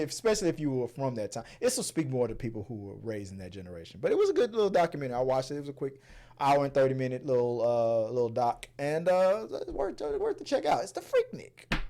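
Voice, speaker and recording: A man in his thirties hosting a casual movie review chat, stumbling over and repeating words, breaking into loud laughs. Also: mid-range voice, animated, fast.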